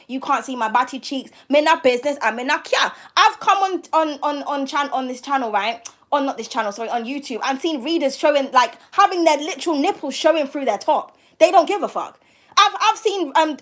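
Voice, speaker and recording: High-pitched tarot lady going off at her viewers, swears a lot, sarcastic questions one after another. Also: fairly bright tone. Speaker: tarot reader. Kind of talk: casual rant to a live audience. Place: her home.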